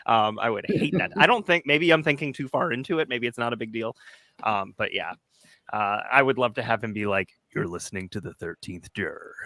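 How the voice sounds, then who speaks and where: A man's voice: medium pitch, brisk, pushed and bright, no echo, studio quality. A man co-hosting a casual true-crime chat, rambling and hesitant at times. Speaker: co-host.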